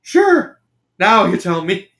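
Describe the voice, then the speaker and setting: A man's voice: very high voice, animated, moderate pace, a bit bright, pitched above the performer's own voice. A man voicing an easygoing young cartoon slacker who is always hungry, in a whiny drawl, in a fan fiction reading.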